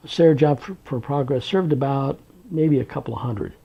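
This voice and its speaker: Older man, oral history interviewee, gravelly voice, brings quoted dialogue to life; muffled lo-fi tape. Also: medium pitch, normal speed. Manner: animated storyteller, acting out quoted dialogue. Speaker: interviewee recounting his work history. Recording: dull lo-fi recording.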